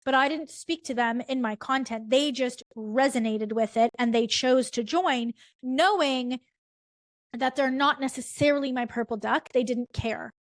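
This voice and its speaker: A woman with a high voice teaches a live online coaching workshop. She is emphatic, repeats key phrases and keeps asking her listeners questions. The recording is dry and close, with no room sound. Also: a little slow, no echo.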